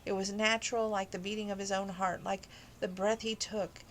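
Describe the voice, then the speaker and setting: A woman's voice: mid-range voice, level tone, moderate pace, a bit bright, slight background noise, low-quality recording. A woman reading a romance novel aloud informally, emotional and adding personal asides. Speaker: audiobook reader.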